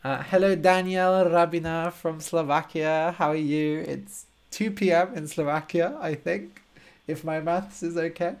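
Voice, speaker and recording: Guy doing a live english lesson, talks real slow and clear, says hi to viewers. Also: on the high side, steady tone. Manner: slow, clear, simplified speech for learners; greets viewers by name and explains words. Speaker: language teacher hosting a live stream. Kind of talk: casual live-stream chat with viewers.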